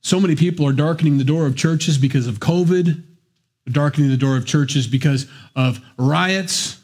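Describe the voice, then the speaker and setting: A man's voice: a little high, moderate pace, darkish tone, slightly rough. Joking, conversational male preacher. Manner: conversational, joking asides between scripture reading. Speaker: pastor. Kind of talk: sermon.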